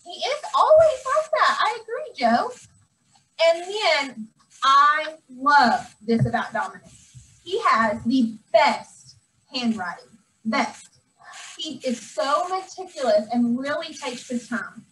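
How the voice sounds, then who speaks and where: A woman teacher handing out awards to her first-grade class, speaking with warmth and sometimes getting teary. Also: high-pitched, very animated, takes it slowly. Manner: affectionate, gets teary. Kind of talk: award ceremony speech to a class. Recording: distant camera, faint room noise.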